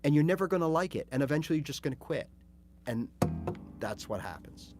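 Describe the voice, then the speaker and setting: A man hosting a casual livestream guitar lesson, chatty and animated, acting out little scenes as he talks. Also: a little high, a little fast. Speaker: guitar teacher.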